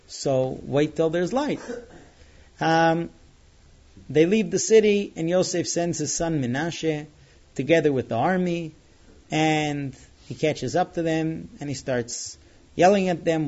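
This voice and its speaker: High-voiced guy teaching a torah class, animated storytelling, kinda muffled lo-fi recording. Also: measured pace. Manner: animated storyteller, acts out characters' lines. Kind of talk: retelling a Bible story to students.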